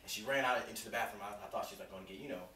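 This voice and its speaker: A man in his thirties doing an animated stand-up comedy set, telling a story and acting out the other people's voices. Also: lowish voice, racing. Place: comedy club stage. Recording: roomy club sound from far off with crowd laughter. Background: audience laughing.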